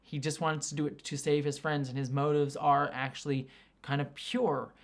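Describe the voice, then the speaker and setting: A woman's voice: sits low, vocal fry. Chatty woman reviewing a TV finale. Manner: rambling, filler-heavy, animated when excited; acts out quoted lines in quick bursts. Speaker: film and TV reviewer, channel host. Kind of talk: casual video review commentary.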